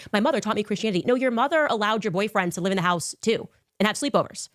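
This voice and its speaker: A woman's voice: mid-range voice, lively intonation, very fast, dry recording, studio quality. A woman in her thirties hosting a podcast, talking through a timeline with exasperated sarcasm. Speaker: podcast host. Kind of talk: podcast commentary.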